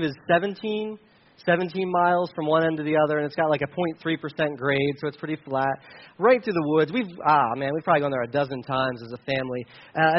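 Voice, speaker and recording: A man, a pastor, preaching a sermon and telling a personal story in an animated way, with many restarts. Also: fairly high pitch, highs cut off.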